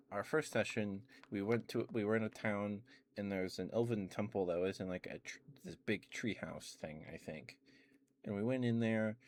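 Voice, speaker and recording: A young man rambling through relaxed ASMR chat on a stream, with lots of filler words, at a close mic. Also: fairly low pitch. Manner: rambling, meandering, full of "like" and "um" fillers. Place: home streaming setup.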